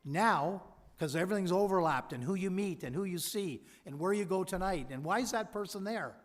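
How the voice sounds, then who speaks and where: High-pitched and expressive, speaking a little fast, this convocation speaker stands at a podium in a large hall with long reverb trailing his words. He tells stories and quotes people he has met, giving a ceremonial speech full of anecdotes.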